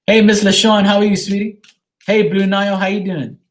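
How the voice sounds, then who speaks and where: Chatty man reading tarot cards. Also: sits high. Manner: frank, chatty, greets viewers by name. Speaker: tarot card reader. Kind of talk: live-streamed casual card reading.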